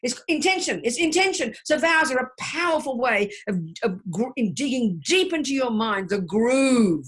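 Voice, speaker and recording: A woman's voice: on the high side, big pitch swings, moderate pace, hardly any pauses, fairly bright tone, husky. An older woman giving a Buddhist teaching over a video call, forthright and emphatic, repeating her key phrases.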